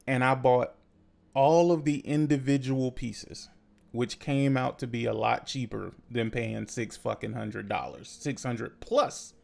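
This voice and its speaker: A young man hosting a podcast, telling a story in casual, profane, animated chat. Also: mid-range voice, gravelly. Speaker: podcast host.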